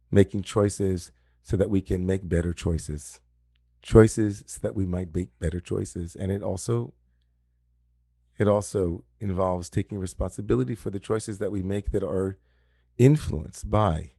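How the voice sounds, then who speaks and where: A rabbi delivers a reflective sermon in a lowish male voice, circling back to key phrases for emphasis. The sound is close and dry, with no room echo. He speaks through a video call setup. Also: vocal fry, mellow, slightly rough. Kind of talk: sermon at an online service.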